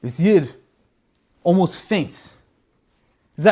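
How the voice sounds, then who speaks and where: Man, fairly high pitch, storytelling Torah talk, Yiddish and Hebrew words. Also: normal speed, darkish tone. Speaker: Torah speaker.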